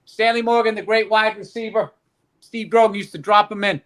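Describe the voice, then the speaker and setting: A man with a high, bright, sharp voice rants and jokes his way through a casual podcast chat. He swears freely and gets heated quickly. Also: steady tone. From United States. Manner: joking, heated ranting, swearing. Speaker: podcast co-host.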